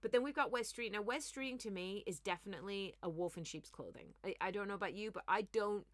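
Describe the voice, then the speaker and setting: A woman's voice: mid-range voice, quick pace, dry recording. Sarcastic woman ranting about the news. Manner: animated, sarcastic, ranting asides. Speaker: comedian host. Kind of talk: comic news commentary.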